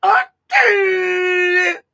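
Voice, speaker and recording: A woman voicing a helpless, crying woman who stumbles through a police statement with slow, slurred, wailing words. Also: very high voice, very animated, creaky, sharp tone, shouting, pitched above the performer's own voice, full character voice. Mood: mock sobbing.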